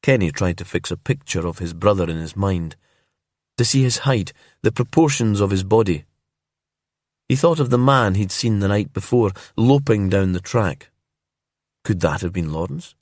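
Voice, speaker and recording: A man narrating a crime story in a calm, slow and immersive storytelling manner. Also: on the low side, no room sound, studio quality.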